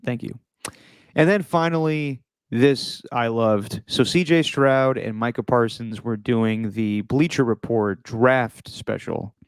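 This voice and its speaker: A man hosting a casual sports chat show, talking loosely, laughing easily and slipping into quick impressions of people he quotes. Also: mid-range voice, clean tone, dry recording. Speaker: podcast host.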